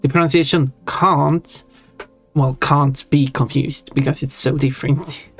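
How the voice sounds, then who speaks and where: Slow, rambling streamer over soft music. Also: mid-range voice, fairly even intonation, breathy edge. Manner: rambling, musing, self-deprecating. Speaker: live streamer. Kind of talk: casual chat while drawing on stream. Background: faint chill background music.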